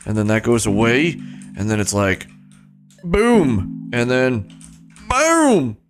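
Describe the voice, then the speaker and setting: A man streaming a game live, joking at himself and swearing, with sudden excited yelps. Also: medium pitch, slow pace, over music. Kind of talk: live gameplay commentary.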